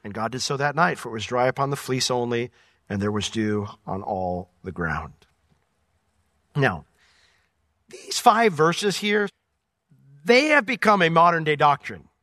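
A man teaching through a Bible passage verse by verse, swinging between loud emphatic points and quiet asides. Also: mid-range voice, sing-song, a little slow, long pauses, no room sound, clean studio sound. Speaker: pastor.

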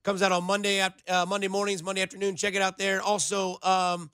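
A young man hosting a sports radio show in a studio, talking in an animated, rambling way full of playful comparisons. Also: high-pitched, fairly quick, clean tone, dry recording. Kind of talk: casual sports radio banter.

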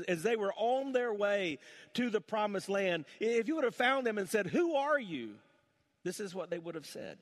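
A middle-aged man preaching a sermon, telling a family story and building to impassioned preaching. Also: sits high. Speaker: pastor. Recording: long church hall reverb.

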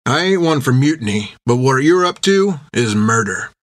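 A man voicing a loyal, blunt sailor who speaks in rough, plain slang with a firm tone. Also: medium pitch, very animated, normal speed, lightly acted. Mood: firm, defiant. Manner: rough colloquial speech, firm.

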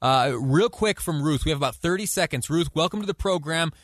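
A man hosting a call-in radio show, talking in a halting way with frequent restarts. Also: a little high, lively intonation, fairly bright tone, no echo, clean studio sound. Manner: halting, many restarts, laughs easily. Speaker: radio talk show host.

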